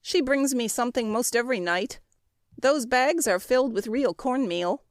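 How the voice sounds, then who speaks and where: A proud little boy, five years old, chattering eagerly and a touch boastfully about what he has built, as a woman narrator puts him on. His voice sits high and bright above the reader's own, in a dry, close storybook reading. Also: normal speed, dry recording, close to an everyday voice.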